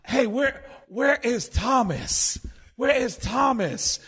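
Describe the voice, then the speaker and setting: A spaced-out, easygoing stand-up comic , as a man puts him on, talks in a slow, halting drawl. The voice sits higher than the speaker's own, with long pauses. Each line comes out lazy and stretched. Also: lively intonation, a bit bright, slightly rough, heavily acted. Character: impression of a laid-back, spacey male stand-up comic.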